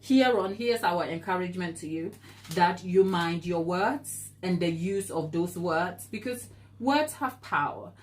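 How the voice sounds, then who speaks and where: On a live baking stream, the woman hosting replies to viewer comments with earnest encouragement and easy laughter. Her lowish voice is animated yet a bit slow and slightly mellow, and there's a little hiss or hum in the audio.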